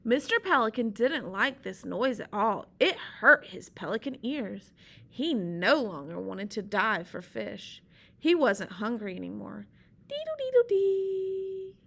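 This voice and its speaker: A woman reading a children's story aloud, with gentle asides explaining it to listeners. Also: mid-range voice, lively intonation, a little slow, vocal fry.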